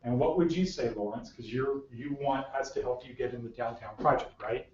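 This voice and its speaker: A man's voice: medium pitch, fairly quick, a little mellow. A man teaching a job skills class, bluntly drilling his students with the same questions over and over. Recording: echoey room mic from far off, muffled.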